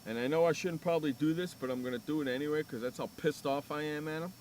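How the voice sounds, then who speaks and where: A man's voice: a little high, quick pace, a little mellow, a little hiss or hum. A man hosting a sports radio show, telling a profane, ranting story in casual chat.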